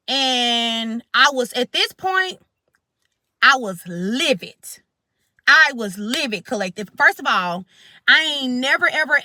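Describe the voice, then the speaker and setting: A woman's voice: sits high, bright, forceful tone, no echo, clean studio sound. A woman hosting her spiritual channel, telling a dramatic story to her viewers in a casual, repetitive way, calling them "collective". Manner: dramatic, repeats herself, addresses viewers as collective.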